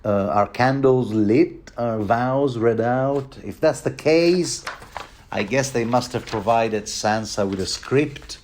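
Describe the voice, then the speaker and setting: A man's voice: mid-range voice, slow, darkish tone, slight background noise. A man giving a rambling, informal solo commentary on a novel, full of asides and self-corrections. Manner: playful asides. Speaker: book commentary host.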